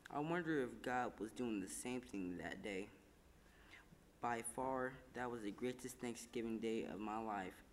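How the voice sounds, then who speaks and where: A man narrates a heartfelt story at an even, measured pace, now and then stumbling over a word. His voice rings with a long room echo over faint background noise. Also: medium pitch. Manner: calm, measured storytelling with small slips. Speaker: reader. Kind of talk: scripted narration of a first-person story.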